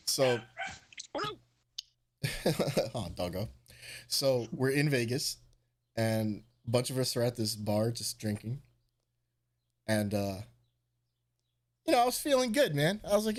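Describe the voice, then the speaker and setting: A man hosting a livestream, telling profane, animated stories and acting out the dialogue. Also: mid-range voice, unhurried, pauses often. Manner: animated, profane, acts out dialogue, laughs often. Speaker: livestream host. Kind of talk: casual storytelling chat.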